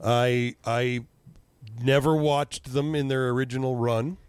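A man chatting casually, telling animated stories, swearing freely and acting out what people said. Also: medium pitch, unhurried, smooth, no room sound. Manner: animated storyteller, swears freely, acts out quotes. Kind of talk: casual chat.

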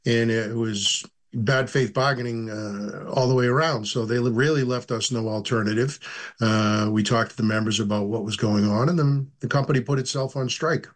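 A middle-aged man, a union director, answering interview questions in a halting way with many fillers. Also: medium pitch, steady tone.

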